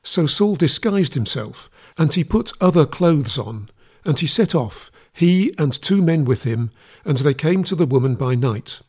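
A man reading scripture aloud in a measured, steady, reverent manner. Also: fairly high pitch, slightly rough. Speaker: Bible reader.

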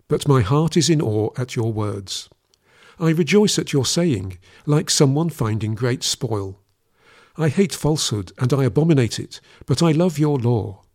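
A man giving a solemn scripture reading in a measured, even recitation, his voice dropping lower each time he addresses the Lord. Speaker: scripture reader.

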